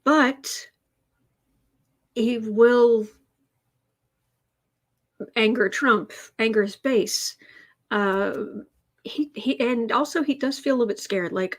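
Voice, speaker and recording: A woman's voice: on the high side, slow pace, pauses often. A woman hosting a tarot livestream, chatting casually, telling anecdotes and reading out viewer comments. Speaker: tarot reader and livestream host.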